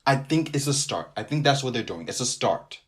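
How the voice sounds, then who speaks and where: A man's voice: medium pitch, animated, fairly quick. A man hosting a casual sports podcast, joking around, repeating his phrases and sliding into a sing-song delivery. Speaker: podcast host.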